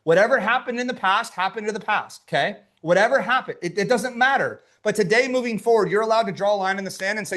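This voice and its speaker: A man's voice: high voice, fast talker, few pauses, a bit bright. A man giving a motivational workshop as a business coach, emphatic and punchy, repeating his key lines and talking straight to his audience. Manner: emphatic, punchy and repetitive, speaking to a live chat.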